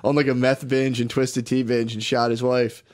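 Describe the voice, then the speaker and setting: A man's voice: mid-range voice, level tone, moderate pace, a little mellow. A young man co-hosting a casual podcast chat, telling a rambling story with lots of swearing, laughter and acted-out quotes. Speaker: podcast co-host.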